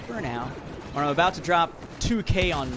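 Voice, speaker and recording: Host: man in his thirties, rambly, talks to chat mid-match, bit high-pitched, game audio loud behind. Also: fairly quick, background noise. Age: 30s. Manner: rambling, talks to chat while playing a shooter. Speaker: livestream podcast host. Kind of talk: casual chat while gaming. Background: shooter game audio.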